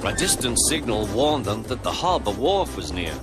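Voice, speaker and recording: A man narrating a children's storybook in a lively, expressive reading style. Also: medium pitch, normal speed. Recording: music playing underneath.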